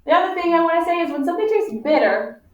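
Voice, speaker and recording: A woman teacher leading a phonics lesson for young children, patient and encouraging, stretching out sounds slowly for them to follow. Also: very high voice, sing-song. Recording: echoey, distant, muffled classroom audio.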